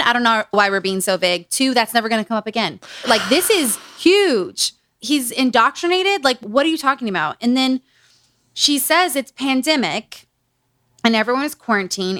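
A woman's voice: a little high, fairly bright tone, dry recording, clean studio sound. A woman hosting a casual book-review podcast, reading passages aloud and breaking in with sarcastic asides. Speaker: podcast host.

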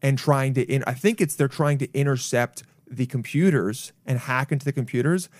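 Animated, joking male co-host. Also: moderate pace, no room sound. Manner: animated, swears freely, jumps into high excited voices. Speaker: podcast co-host. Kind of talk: casual comedic chat.

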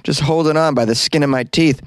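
A man's voice: fairly high pitch, brisk, no echo. A man hosting a comedy news podcast from a small closet studio, reading odd stories and chatting in a loose, rambling, jokey way. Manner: jokey, rambling, puts on silly voices for quotes. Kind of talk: comic news reading and casual chat.

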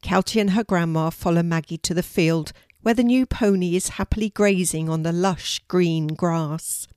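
Calm older woman reading a story. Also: lowish voice, normal speed, clean tone, no room sound, studio quality.

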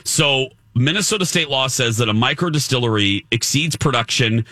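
Bright-voiced male radio co-host, rambling. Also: medium pitch, expressive, normal speed, no room sound. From Indiana. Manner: rambling, self-mocking, many fillers and restarts. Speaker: radio morning show co-host. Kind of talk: casual radio banter. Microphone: studio microphone.

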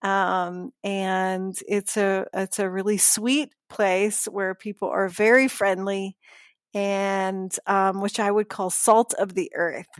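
A middle-aged woman from Pittsburgh, guest yoga teacher, chatting in a relaxed way with many fillers and laughs. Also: medium pitch, slow, no room sound, studio quality. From Pittsburgh, Pennsylvania. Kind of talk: casual conversation.

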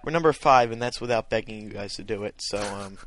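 A man's voice: on the low side, quick pace, a bit bright. A young man hosting a podcast, talking casually with lots of restarts and laughs. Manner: rambling, restarts often, laughs. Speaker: podcast host. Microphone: internet call.

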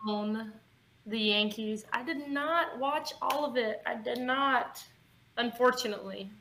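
Woman podcast co-host, high-ish and bright, chatty, bubbly, casual. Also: a little slow, vocal fry, a little hiss or hum, low-quality recording. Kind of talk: casual chat.

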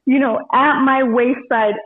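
Husky-voiced woman on a tinny phone line. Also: high-pitched, measured pace. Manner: animated storyteller, acts out quotes, swears freely. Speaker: bartender, podcast co-host. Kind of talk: casual chat.

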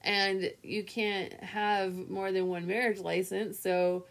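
A woman's voice: medium pitch, flat delivery, slow, gravelly. A woman co-hosting a casual chat, talking emphatically and laughing often. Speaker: co-host. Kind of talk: casual chat reviewing a reality show.

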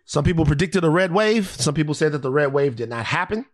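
A man co-hosting a casual political podcast, brisk and teasing, cutting in on his co-host. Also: a little high, lively intonation.

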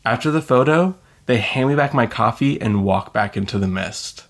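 A man's voice: medium pitch, expressive, normal speed. A young man telling a rambling story on a podcast, filling his talk with "like" and laughing as he goes. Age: young adult. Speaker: podcast co-host. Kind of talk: casual storytelling chat.

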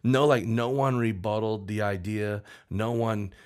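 A man's voice: on the low side, slow. A man who writes songs, telling a story in an interview, rambling and acting out what people said. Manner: animated, rambling, acts out quotes in raised voice. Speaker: songwriter.

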